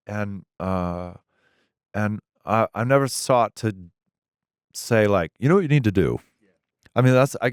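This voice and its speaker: Man, middle-aged, low smooth voice, dry close studio sound, casual storytelling. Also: no room sound. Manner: laughing anecdotes, acts out quoted voices. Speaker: musician guest. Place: recording studio.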